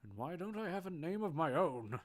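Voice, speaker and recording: A man's voice: medium pitch, fairly even intonation, slow pace, fairly bright tone. A man voicing a lonely armored warrior in a helmet, who blurts out hesitant, stiff lines. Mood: anxious.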